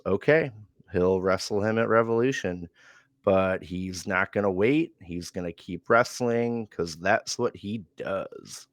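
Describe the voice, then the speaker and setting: Deep, slow-talking man recapping casually. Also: dry recording, clean studio sound. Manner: relaxed, chuckles often, many fillers. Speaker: wrestling show reviewer.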